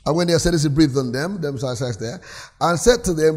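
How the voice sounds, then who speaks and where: A man's voice: fairly high pitch, fast talker, darkish tone. Preaching man with a raised voice. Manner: preaches with call-and-response, reads scripture aloud. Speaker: pastor. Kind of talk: sermon. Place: church.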